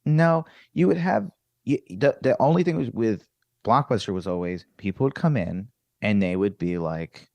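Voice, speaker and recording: A man from Virginia with a somewhat low, creaky voice speaks at a moderate pace, with no echo. He's a comedian guest spinning casual stories and animatedly voicing the people in them.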